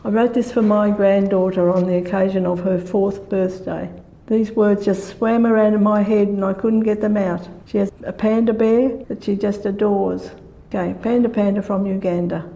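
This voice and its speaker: An older woman, a guest poet, reading her rhyming poems aloud in a measured, steady way. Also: mid-range voice, vocal fry, lo-fi sound.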